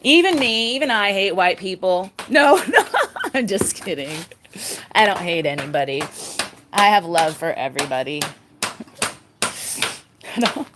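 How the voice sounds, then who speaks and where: Filming on a handheld phone in her garden, a woman with a lowish, animated voice shows off her pet pig. She speaks at a measured pace with long pauses, rambling casually and laughing often over background noise.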